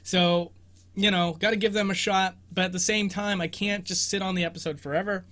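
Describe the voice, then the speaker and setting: A man's voice: high voice, fairly even intonation, brisk, a bit bright. A young man hosting a casual livestream Q&A about a video game, rambling and self-deprecating and laughing often, speaking from his bedroom. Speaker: host of a game exploration show.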